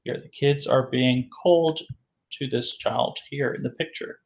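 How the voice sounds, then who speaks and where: A male English teacher working through a vocabulary lesson in a recorded class. He speaks at a very slow, deliberate pace, repeating each word for learners, with a voice that sits in an ordinary middle pitch. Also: fairly even intonation, gravelly.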